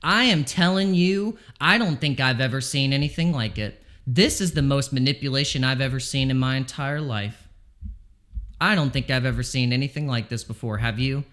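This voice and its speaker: A man with a mid-range, fairly bright voice livestreams his crypto trades from home at normal speed. He sounds anxious, repeatedly pleading with the market as he comments on the trading.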